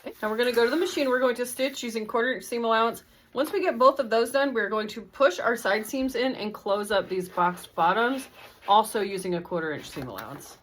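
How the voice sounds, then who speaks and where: A woman's voice: on the high side, brisk, fairly bright tone, slight background noise. A woman walking through a sewing tutorial step by step, in a friendly, methodical, casual way. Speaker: sewing instructor.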